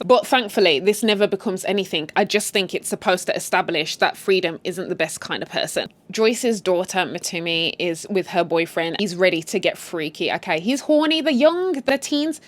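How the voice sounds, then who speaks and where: A young woman casually recapping a TV series, sassy and swearing freely, jumping into other people's lines as she quotes them. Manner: sassy, swears freely, acts out quotes with big pitch jumps. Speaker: YouTube storyteller retelling a series. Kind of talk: casual animated story recap.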